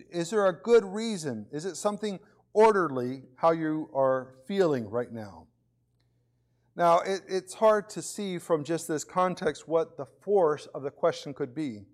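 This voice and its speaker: Conversational male preacher, slightly high voice. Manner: conversational, repeats words when starting phrases; acts out voices of others in his examples. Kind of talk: sermon.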